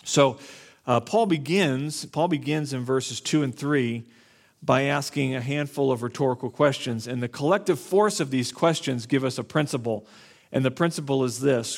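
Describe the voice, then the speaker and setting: A man preaching an expository sermon as pastor, talking deliberately and repeating key phrases. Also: mid-range voice, vocal fry.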